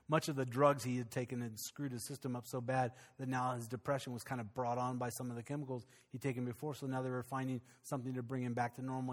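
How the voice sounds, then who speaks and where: A man, a pastor, telling a personal story in a lively, conversational way during a sermon. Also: mid-range voice.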